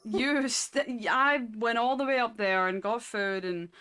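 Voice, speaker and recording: A woman's voice: on the high side, measured pace, a bit bright, smooth. A young adult woman streamer, in character during game roleplay, talking in an exasperated, teasing way and laughing often.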